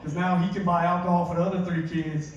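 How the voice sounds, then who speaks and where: Laid-back comic in an echoey hall. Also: male voice, high voice, flat delivery, quick pace, highs cut off, heavy background noise. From Louisiana. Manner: laid-back, self-mocking storytelling with chuckles. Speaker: stand-up comedian. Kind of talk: stand-up comedy set. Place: large theater stage. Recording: echoey hall recording from far off. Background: audience laughter.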